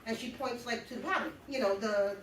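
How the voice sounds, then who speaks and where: A middle-aged woman telling a story live on stage, animated and blunt, laughing often as she talks. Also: fairly high pitch, a little fast, background noise. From New York. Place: live show venue. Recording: roomy echo, mic at a distance.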